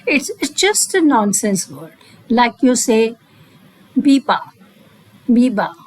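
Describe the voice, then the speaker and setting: A woman with an Indian English accent, a speech therapist explaining slowly to parents and demonstrating babble sounds. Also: fairly high pitch, sing-song, rough recording. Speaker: auditory-verbal therapist. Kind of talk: parent coaching lesson.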